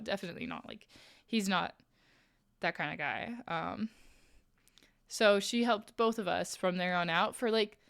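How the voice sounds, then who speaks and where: A young woman streamer telling a story in a casual, animated chat, with lots of "like"s while she crafts on a live stream. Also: medium pitch. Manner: chatty, animated, many "like"s, acts out quoted voices. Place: home streaming setup, crafting while talking.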